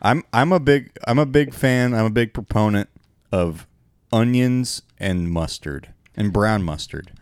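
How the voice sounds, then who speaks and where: Laid back podcast guy, kinda low voice, laughs a lot, dry mic. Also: a little slow, clean tone, dry recording. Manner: easygoing, laughs often. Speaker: podcast co-host. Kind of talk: casual chat.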